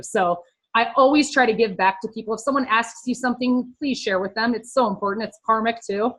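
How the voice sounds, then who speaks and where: A woman's voice: a little high, a little fast, a bit bright, rough recording. A woman in her thirties, a fitness coach, talking casually and upbeat about social media tips, with lots of fillers.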